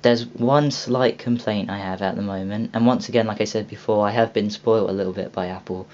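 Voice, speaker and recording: A man's voice: on the low side, steady tone, brisk, a little mellow. A young man hosting a casual video walkthrough of a game store, rambling with many ums and restarts. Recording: dull lo-fi home recording with faint hiss.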